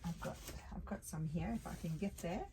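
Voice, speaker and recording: Older aussie lady doing crafts, low voice, sounds tired, bit of noise behind her. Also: brisk, mellow. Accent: Australian. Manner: chatty, easily distracted, thinks aloud while working. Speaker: craft channel host. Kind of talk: casual crafting chat.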